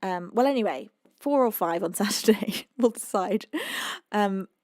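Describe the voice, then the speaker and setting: A woman's voice: medium pitch, a little slow, a little mellow, dry recording, studio quality. A British woman hosting a music livestream, chatting casually with viewers and reading their comments, rambling with ums and restarts and a little out of breath. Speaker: livestream host and singer.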